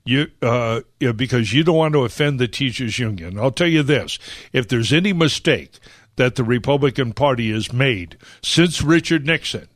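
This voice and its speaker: Opinionated male talk-radio host, halting. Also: medium pitch, expressive, dry recording, clean studio sound. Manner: opinionated, halting with many fillers and restarts.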